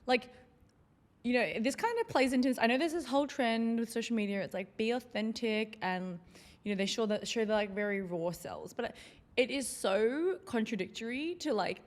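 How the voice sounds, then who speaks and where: A woman's voice: on the high side, moderate pace. A woman in her late twenties hosting a casual solo podcast, chatty and full of "like" and "you know". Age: 20s. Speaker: podcast host.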